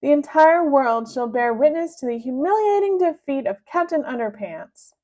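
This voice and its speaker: A woman voicing a bratty, pompous boy villain who barks orders in a high, slow, drawn-out voice. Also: expressive. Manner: high, loud, drawn-out commanding delivery. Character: pompous bratty boy turned bossy supervillain. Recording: dull low-fidelity sound.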